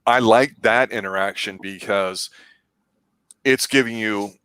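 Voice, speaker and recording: A man co-hosting a casual review podcast, speaking in a measured, analytical way. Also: on the low side, bright, forceful tone, clear, resonant tone, no echo. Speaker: podcast co-host.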